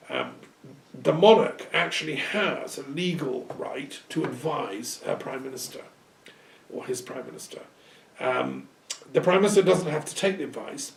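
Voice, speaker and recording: A man giving an informal philosophical talk, rambling and discursive with many pauses and restarts. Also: a little high, gravelly, distant mic. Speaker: philosophy lecturer. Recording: echoey room, speaker off-mic.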